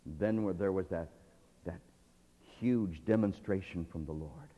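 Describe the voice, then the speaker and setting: A male pastor preaching a sermon, swinging between hushed and loud, dramatic delivery. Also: low-pitched, a little slow, big-room sound, highs cut off.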